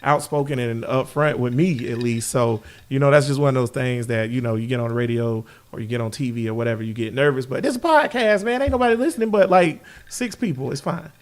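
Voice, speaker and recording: A man's voice: mid-range voice, quick pace, few pauses. A man hosting a podcast, laid-back and joking, with lots of slang and filler words. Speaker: podcast host. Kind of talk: casual interview.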